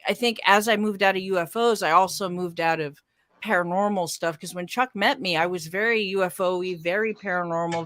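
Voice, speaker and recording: A woman who hosts a podcast and radio show, chatting as a guest in a casual conversation over a video call, animated, with quick bursts and lots of fillers. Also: medium pitch, dry recording, clean studio sound.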